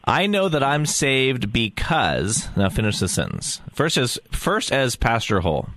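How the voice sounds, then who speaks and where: A man hosting a podcast, asking thoughtful, halting questions about theology. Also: mid-range voice, sing-song, fairly bright tone, no echo. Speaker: podcast host.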